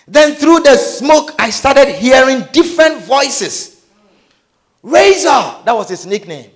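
A man telling a dramatic personal testimony, his delivery swinging between hushed and shouted. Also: very high voice, big pitch swings, slow pace.

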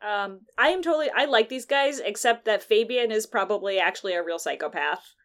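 A woman's voice: mid-range voice, expressive, a little fast, a bit bright. A woman chatting casually with a friend, recapping a game story, laughing easily. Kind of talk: casual chat about a video game.

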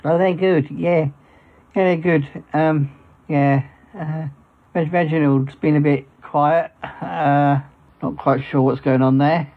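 Man playing a stammering awkward friend, comedy sketch, slightly high voice, lo-fi sound. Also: fairly even intonation, slow. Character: sheepish, hesitant male friend. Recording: dull lo-fi sound, faint music.

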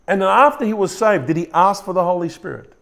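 A male pastor preaches to a congregation in a church room, talking fast in a high-sitting, slightly bright voice with vocal fry. He frequently repeats and restarts words and puts questions to the congregation.

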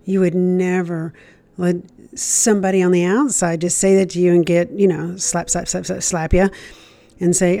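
A woman's voice: on the low side, little pitch movement, moderate pace, creaky, warm tone, no room sound. A woman giving a casual Christian devotional talk, speaking conversationally and often repeating herself as she acts out an inner accusing voice.

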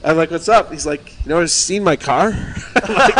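A man's voice: high voice, sharp tone. A man telling a long story among friends in casual chat, acting out the quotes, laughing often and swearing freely.

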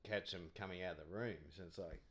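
A man's voice: sits low, brisk, fairly bright tone. A man, a podcast guest telling cricket anecdotes in a rambling, chatty way, laughing often.

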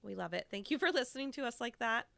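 A woman with a bright, clear voice recorded close and dry reads a listener's message aloud, breaking in with chatty, upbeat asides. Her voice sits a touch high. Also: expressive, fast talker, no echo. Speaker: podcast co-host.

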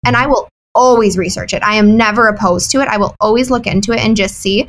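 Guest, woman, wellness business owner: quick, candid, chatty, lots of fillers. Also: medium pitch, a bit bright, rough recording. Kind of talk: casual interview chat.

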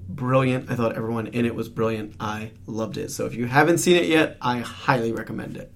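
Male podcast co-host, mid pitch, enthusiastic yet quiet delivery. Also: fairly quick, gravelly, slight background noise. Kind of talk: casual podcast chat.

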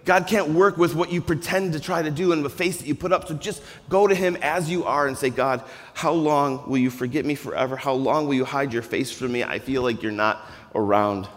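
A man's voice: a little high, fairly quick. Earnest man preaching in a reverberant hall. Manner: conversational, earnest, swings from hushed to loud. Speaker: pastor. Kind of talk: sermon. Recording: long reverb of a large hall.

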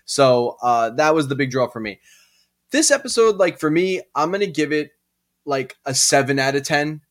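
A man's voice: fairly high pitch, expressive, moderate pace, a bit bright. A man co-hosting a podcast in casual chat, rambling and hesitant, full of fillers and restarts. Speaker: podcast co-host.

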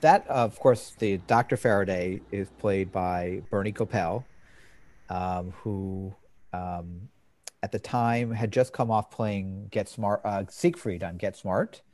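A man's voice: on the low side, slow, a little mellow, a little hiss or hum. A man hosting a podcast in casual chat, informatively retelling scenes and reading quotes aloud. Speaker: podcast host.

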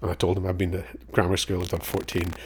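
A middle-aged man from Northern Ireland, a podcast guest who tells lively stories and acts out both sides of old conversations. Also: low voice, fast talker, slight background noise. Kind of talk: casual storytelling interview.

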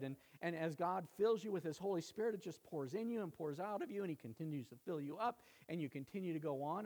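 Lively, animated male preacher. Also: high voice. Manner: conversational preaching, frequent "right?" check-ins. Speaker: pastor. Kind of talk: sermon.

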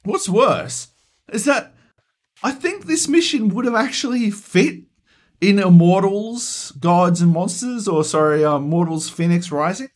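Guy ranting on a gaming podcast, cursing nonstop, bit high voice that jumps all over. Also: measured pace. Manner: animated, swears constantly, ranting. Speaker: podcast co-host. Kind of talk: casual chat.

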